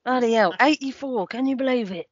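A woman's voice: on the high side, a little fast, husky, dry recording. A performer voicing Statman John, a daft, eccentric man who talks bluntly and keeps exclaiming. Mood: matter-of-fact. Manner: blunt, excitable, says bloody hell. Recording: dull lo-fi sound, dry.

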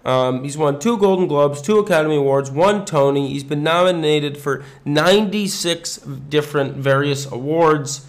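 A man's voice: on the high side, moderate pace, hardly any pauses. A man talking casually and enthusiastically, rambling with frequent ums and restarts as he ranks his favorite actors. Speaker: host ranking favorite actors. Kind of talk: casual unscripted commentary.

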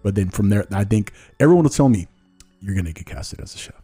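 Podcast host, male, deep mellow voice, loose storyteller. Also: lively intonation, fast, soft background music. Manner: loose, storytelling, acts out quotes. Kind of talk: casual interview chat.

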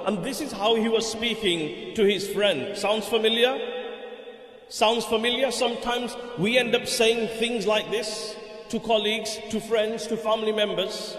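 A man's voice: high-pitched, steady tone, unhurried, a bit bright. A man giving a Friday sermon in a mosque, driving points home with rhetorical questions and repetition. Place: mosque prayer hall. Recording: echoey mosque hall, long reverb.

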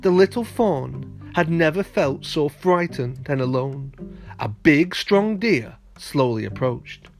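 A man reading a storybook tale aloud in an engaging, expressive way. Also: fairly high pitch, takes it slowly, faint music behind. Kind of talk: storybook narration.

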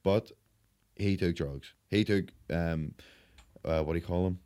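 A man's voice: low-pitched, measured pace, warm tone, clear, resonant tone. A man co-hosting a casual podcast, blunt and sweary, often starting with hesitations. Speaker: podcast co-host. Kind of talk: casual chat.

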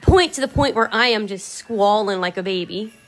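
A woman's voice: mid-range voice, normal speed, soft background music. Candid, swearing woman vlogger. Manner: candid, swears, laughs, rambling retelling. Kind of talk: casual emotional storytelling.

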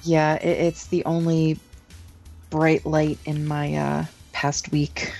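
A woman with a notably low voice chats as co-host of an online show. She talks bluntly and wryly, with a complaining streak. Faint music runs behind her. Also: little pitch movement, slow pace, vocal fry, mellow. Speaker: podcast co-host. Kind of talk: casual chat.

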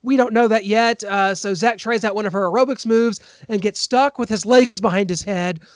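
A man's voice: high-pitched, fairly even intonation, moderate pace, no echo. A man hosting a podcast, chatting casually and with a laugh about a TV episode. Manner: chatty, full of ums and laughs. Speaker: podcast host. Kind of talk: casual chat recapping a TV episode.

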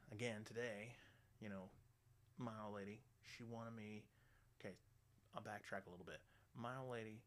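A middle-aged man hosting a radio show, ranting bluntly and swearing constantly, loud and animated. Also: fairly low pitch. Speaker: radio host. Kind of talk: profane ranting monologue.

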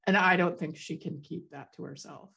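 Gravelly, husky woman gushing. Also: low-pitched, moderate pace. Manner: excitable, gushing, laughs often. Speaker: podcast co-host. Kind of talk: casual chat about a TV show.

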